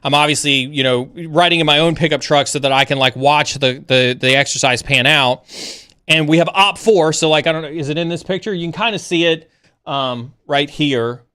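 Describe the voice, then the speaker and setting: Male stream host with a crisp, raised voice and a dry sound, who tells stories animatedly and often stops to restart. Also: dry recording. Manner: animated, rising pitch when excited; halting with frequent restarts. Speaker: livestream host. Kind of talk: casual storytelling.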